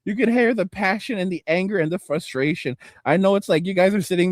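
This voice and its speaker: A man streaming, reacting to videos in a loud, exasperated, profane rant. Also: high-pitched, quick pace, hardly any pauses, no echo. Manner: loud, exasperated, swearing constantly.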